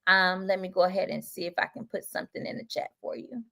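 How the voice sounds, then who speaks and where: A woman's voice: lowish voice, fairly even intonation, fast, creaky, sharp tone. A woman with a Southern US accent, hosting a live stream for teachers in a chatty, encouraging way and reading out viewer comments. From Southern United States.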